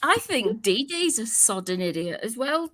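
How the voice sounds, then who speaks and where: A woman co-hosting, exasperated and animated about the clip. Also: on the high side, normal speed, a little hiss or hum.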